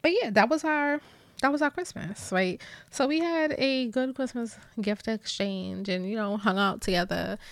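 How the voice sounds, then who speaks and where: A woman's voice: a little high, normal speed, creaky, no room sound. A woman hosting a podcast in casual chat, playful and chatty, laughing often and dropping into whispered asides. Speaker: podcast host.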